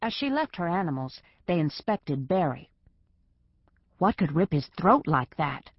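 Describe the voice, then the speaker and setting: A woman narrating an audiobook in a lowish, measured voice. The booth is dead dry and the sound is a little dull. She tells the story evenly and unhurriedly. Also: big pitch swings, husky, no room sound. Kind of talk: scripted narration.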